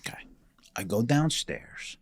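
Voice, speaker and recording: Animated, profane male storyteller. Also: medium pitch, measured pace, husky. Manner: animated and profane, acts out dialogue. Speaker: podcast guest telling a ghost story. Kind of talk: casual storytelling.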